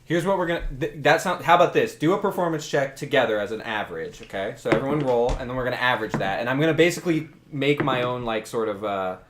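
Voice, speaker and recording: A man's voice: mid-range voice, quick pace, hardly any pauses, fairly bright tone. A man running a tabletop game in a roomy space, his voice carrying a slight echo over faint background hiss. He rambles, trips over his words and circles back, laughing along with the players. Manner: rambling, self-interrupting, laughs often. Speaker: dungeon master.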